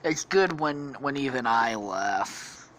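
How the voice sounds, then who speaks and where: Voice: mid-range voice, lively intonation, slow pace, fairly bright tone. A podcast host rambling through a crude comic story, swearing constantly and laughing at their own jokes. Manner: heavy swearing, many fillers.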